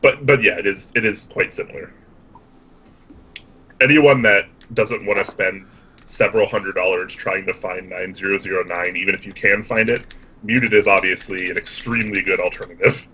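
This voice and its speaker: A man hosting a casual podcast chat, relaxed and easygoing, asking follow-up questions. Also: low-pitched, moderate pace, slightly rough, low-quality recording. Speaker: podcast host.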